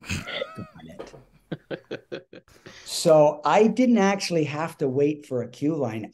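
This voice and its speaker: An animated male storyteller who recounts a day on set in a loose, chatty way. His voice sits in an ordinary middle range, and he keeps jumping into the people he describes. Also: medium pitch. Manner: animated, lots of fillers and restarts, acts out quotes. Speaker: actor telling a story. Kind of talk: casual storytelling.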